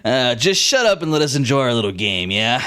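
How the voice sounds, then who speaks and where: Game master playing a cocky bully soldier, taunting, bouncy pitch, tabletop role. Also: male voice, big pitch swings, a little fast, sharp tone, smooth. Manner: sneering, taunting. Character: cruel mocking male soldier, cocky bully.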